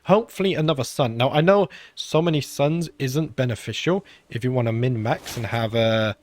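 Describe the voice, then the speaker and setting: A man with a British accent speaks at medium pitch and a normal pace. He's a gaming channel host giving relaxed let's-play commentary on a strategy game, thinking out loud with lots of filler sounds. He sounds a bit under the weather.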